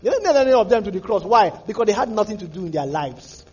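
A man's voice: high voice, sing-song, quick pace, darkish tone, husky, highs cut off. A male pastor preaching a fervent sermon, repeating himself and restarting phrases.

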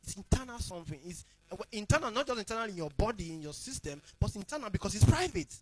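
A man preaching a sermon as the pastor, emphatic and repetitive, swinging between loud declarations and hushed asides. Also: high voice, sing-song, fast talker, low-quality recording.

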